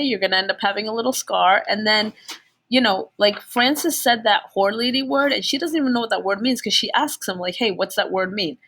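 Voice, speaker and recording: A woman's voice: medium pitch, fairly bright tone. A woman teacher giving a casual chapter summary, chatty and full of fillers, often checking in with "okay?".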